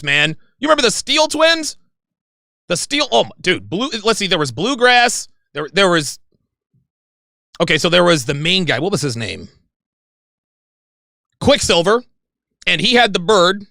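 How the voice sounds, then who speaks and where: A man in his forties hosting a livestream in casual chat, rambling and excitable. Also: high-pitched, vocal fry, no room sound, studio quality. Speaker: livestream host.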